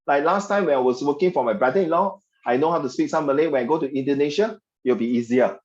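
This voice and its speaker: Singaporean man tutoring an online English class, chatty and joking, somewhat high voice, dull lo-fi sound. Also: fast, a little mellow. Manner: chatty, joking, mixes local slang. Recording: dull lo-fi audio.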